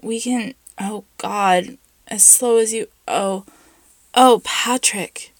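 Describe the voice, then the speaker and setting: A woman reading a story aloud voices an eager young man, a bassist, with breathless, half-whispered pleading lines. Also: a little slow, creaky, sharp tone, no room sound, full character voice.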